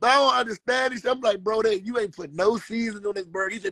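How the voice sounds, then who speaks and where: A man with a DC-area accent chats on a livestream in laid-back slang, tagging his lines with "bro". His voice is very high, bright and gravelly. The sound is dry and close. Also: fast talker, hardly any pauses, dry recording. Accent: Washington DC area. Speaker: streamer co-host. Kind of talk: casual storytelling on a livestream.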